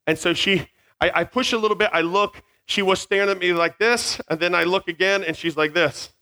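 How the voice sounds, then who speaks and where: A man telling a funny story to an audience, animated and self-mocking, acting out sounds, with a small mic near his beard. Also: sits high, brisk.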